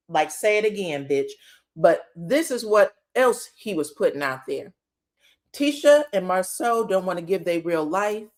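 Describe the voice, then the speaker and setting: A woman giving a casual, profane gossip recap of a reality show, acting out the people she quotes. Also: mid-range voice. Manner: animated, acts out quotes, profane and laughing.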